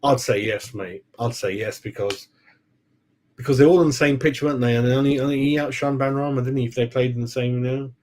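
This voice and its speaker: A man talks casually to his viewers about his football club. He rambles, stops to hunt for names, and tacks "mate" onto his sentences. His voice sits at a middle pitch. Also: steady tone, a little fast, darkish tone, slight background noise. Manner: rambling and chatty, calls people "mate", forgets names. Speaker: football fan channel host. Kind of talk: casual live-stream chat with viewers.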